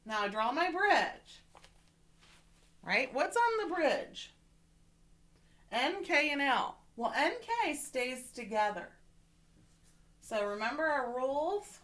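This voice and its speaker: Woman teacher, slightly high voice, patient and encouraging, walking children through a reading lesson online. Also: sing-song, slow, long pauses, a bit bright. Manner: encouraging, patient, repeats "okay?" to check in.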